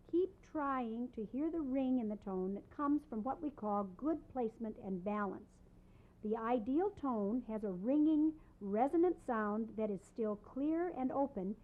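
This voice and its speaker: A woman vocal instructor giving calm, deliberate coaching in a recorded voice lesson, on a lo-fi cassette tape. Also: sits high. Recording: tinny lo-fi cassette tape with piano. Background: piano accompaniment.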